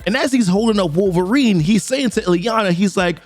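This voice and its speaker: A man's voice: high-pitched, a little fast, few pauses, faint music behind. A young man eagerly recapping a comic book in slangy, hyped casual talk. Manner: hyped, slangy, laughs along.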